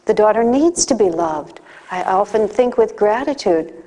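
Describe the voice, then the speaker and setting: A woman's voice: mid-range voice, animated, normal speed, dark tone. A woman giving a conversational spiritual talk, mixing teaching with personal stories and playful acted asides. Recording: long hall reverb.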